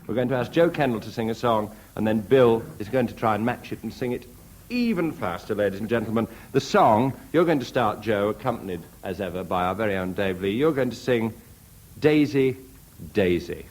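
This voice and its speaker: Deadpan male chairman for a comedy panel game; lively delivery over a noisy live recording. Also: on the low side, fairly quick. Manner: dry, deadpan scoring announcements. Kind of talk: comedy panel show hosting.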